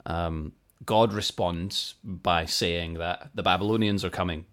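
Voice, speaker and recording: He has a low-pitched, slightly bright voice with fairly even intonation and a measured pace. On the podcast he co-hosts, casual talk blends with Bible teaching as he shares facts reflectively, downplays himself, and laughs easily.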